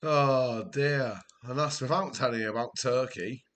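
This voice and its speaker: A man's voice: mid-range voice, a little slow, a bit bright. A man with a Welsh accent hosting a live game stream, chatting casually, laughing often and telling rambling family stories. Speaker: livestream host. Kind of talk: casual livestream chat.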